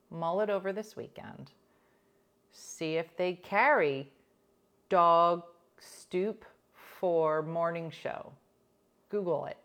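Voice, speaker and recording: Middle-aged lady w a philly on morning radio, kinda low voice, chatty, lots of "like". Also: creaky. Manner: chatty, animated, peppered with "like" and laughs. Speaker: morning show host and comedian. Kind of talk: casual chat, storytelling.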